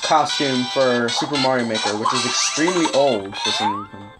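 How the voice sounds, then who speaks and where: A young gamer rambling casually through let's-play commentary, hesitant with many fillers. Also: female voice, very deep voice, normal speed, over loud music.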